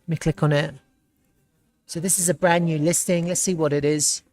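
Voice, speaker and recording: A man hosting a live stream, chatting casually and reacting with excitement and frequent laughter as he browses. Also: fairly high pitch, normal speed, dry recording. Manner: excitable, laughs often, thinks aloud while browsing. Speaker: livestream host.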